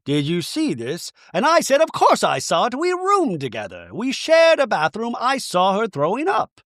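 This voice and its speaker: A man doing a high, indignant impression of a reality-TV woman defending herself to the camera. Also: huge pitch swings, moderate pace, fairly bright tone, no room sound, clean studio sound, full character voice.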